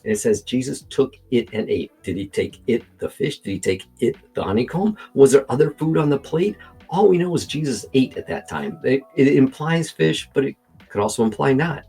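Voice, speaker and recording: A man giving casual reaction commentary on a video, animated and argumentative, talking to himself as he edits at his desk mic. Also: medium pitch, moderate pace, slightly rough, soft background music. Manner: animated, argumentative, talks to himself while editing.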